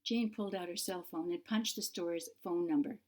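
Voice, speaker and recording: A woman author narrating her own fantasy novel in a clear, measured storytelling manner. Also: fairly low pitch, darkish tone. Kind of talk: audiobook narration.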